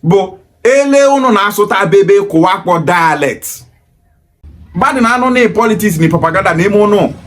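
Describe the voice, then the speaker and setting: Nigerian man, high-pitched, emphatic lecture, rhetorical. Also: lively intonation, brisk, fairly bright tone. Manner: emphatic, preachy, rhetorical questions. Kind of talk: impassioned monologue in Pidgin and Igbo.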